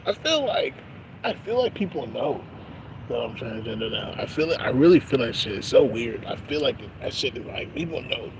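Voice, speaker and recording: Outdoors by a street with background noise, a young man vents about work in a casual, profane, rambling rant, repeatedly saying "bro" and "you know what I'm saying." His mid-range voice is very animated, at normal speed.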